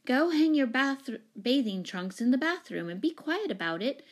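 A woman's voice: high-pitched, sing-song, normal speed, voice pushed up. A woman reading a storybook, voicing a bossy older girl who scolds loftily and sharply. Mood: scolding.

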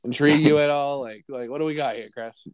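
A man's voice: mid-range voice, steady tone, quick pace, clear, resonant tone, dry recording. Young male podcast co-host, loose rambling delivery, dry close-miked sound. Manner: rambling, joking, restarts and laughs. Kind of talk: casual sports chat.

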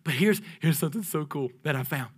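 A man preaching a sermon, lively and playful, swinging from loud declarations down to hushed near-whispers. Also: fairly high pitch, brisk, husky. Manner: playful asides with laughter to the congregation.

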